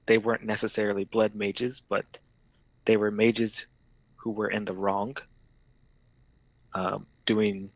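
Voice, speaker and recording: Slow, low male player, hesitant, dry close recording. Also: vocal fry, dry recording, rough recording. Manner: hesitant, with many fillers. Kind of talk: narrating a tabletop audition game.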